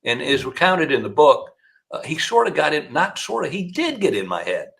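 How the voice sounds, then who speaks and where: An older defense attorney from South Carolina, speaking with a Southern accent, tells long courtroom stories as an interview guest. His voice is on the high side and his speed normal. A gravelly, animated storyteller, he gives storytelling answers to the interview.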